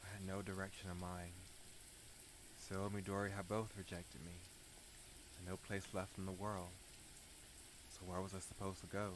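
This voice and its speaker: A male streamer reading a dark visual novel aloud in a slow, soft-spoken, dramatic way, with his own commentary. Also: low-pitched, little pitch movement, noisy background. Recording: background music under voice.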